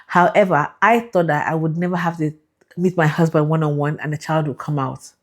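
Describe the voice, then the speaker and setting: A young woman telling her faith testimony in an animated, emotional way, laughing and acting out the people in her story. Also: low-pitched, brisk. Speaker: vlogger sharing a faith testimony.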